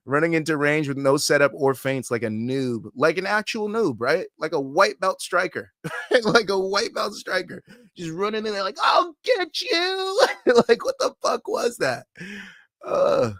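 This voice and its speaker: A man's voice: medium pitch, sharp tone, no room sound, clean studio sound. A man hosting a casual livestream, reading chat comments aloud, swearing freely and laughing often. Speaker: host.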